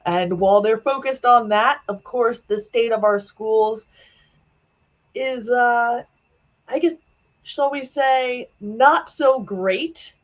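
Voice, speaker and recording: A woman's voice: fairly high pitch, slow. Chatty woman host, dull lo-fi audio. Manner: chatty, laughs often, playful. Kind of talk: casual interview chat. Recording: dull lo-fi sound.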